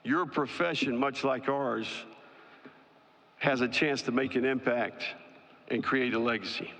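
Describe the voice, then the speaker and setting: A man, a college football head coach, giving prepared press conference remarks in a measured, emphatic, list-like way. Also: medium pitch, fairly bright tone. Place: large media day ballroom. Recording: long reverb in a large hall.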